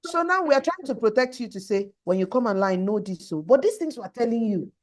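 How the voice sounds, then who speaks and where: A woman's voice: on the high side, big pitch swings, fairly quick. A woman teaching girls in an online class, earnest and emphatic, repeating her key points.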